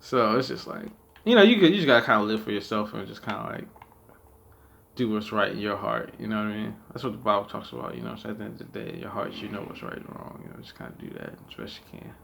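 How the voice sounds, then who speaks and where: A man's voice: on the low side, animated, fast, vocal fry, fairly bright tone, slight background noise. A man giving casual gameplay commentary on his channel, rambling with lots of fillers, swearing and laughing as he talks. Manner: rambling, filler-heavy, profane; laughs often mid-sentence. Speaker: gaming channel host.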